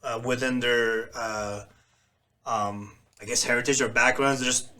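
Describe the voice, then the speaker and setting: A podcast co-host who chats in an animated way, laughing often and acting out other people's voices. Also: male voice, medium pitch, a little slow. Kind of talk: casual chat.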